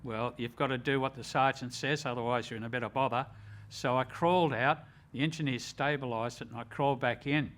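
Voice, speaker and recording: An older Australian man speaks in an earnest, measured way. He recounts his own memories with steady reflection. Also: medium pitch. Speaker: retired rescue officer, ambulance chaplain. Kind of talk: personal storytelling.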